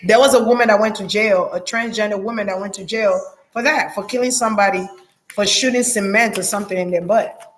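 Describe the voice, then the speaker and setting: A woman vlogging in a casual, blunt and profane monologue, talking straight to her viewers, laughing often, with lively jumps in pitch. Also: brisk, slight background noise.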